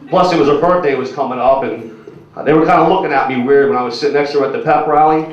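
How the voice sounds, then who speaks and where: A young stand-up comedian with a mid-range voice delivers a fast, crude, rambling set on a comedy club stage, stuffed with "like" and "you know," and he works the crowd. He's heard from far back in an echoey club, and the recording is muffled with faint noise underneath.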